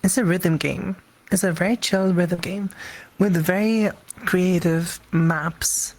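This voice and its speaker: A woman with a husky, slightly low voice chats easily with a friend, teasing now and then while she has the hiccups. Faint music runs behind her. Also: fairly even intonation, slow pace, a little mellow, poor audio. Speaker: streamer's friend. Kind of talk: casual chat.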